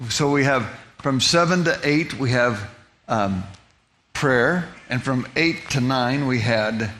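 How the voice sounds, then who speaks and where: Man, testimony storyteller, middle-pitched voice, rambles and restarts, vivid detail, faint background noise. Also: animated, takes it slowly, fairly bright tone. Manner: rambling, with frequent restarts and repeated words. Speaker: speaker giving a personal testimony.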